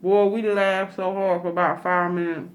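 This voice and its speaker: A woman's voice: fairly low pitch, level tone, normal speed. Chatty woman telling a story while eating. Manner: chatty, folksy, with laughing asides. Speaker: food vlogger.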